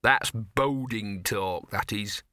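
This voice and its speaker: A man's voice: lowish voice, slow, sharp tone, no room sound, studio quality. Man doing a grumbling sardonic talking dog. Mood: wary. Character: gruff talking street dog, male, grumbling.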